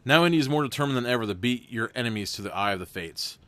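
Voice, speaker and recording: A man's voice: medium pitch, animated, quick pace, a bit bright, no echo. A man hosting a live stream, reading an interactive adventure book aloud with rambling, self-deprecating asides. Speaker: game host reading a gamebook.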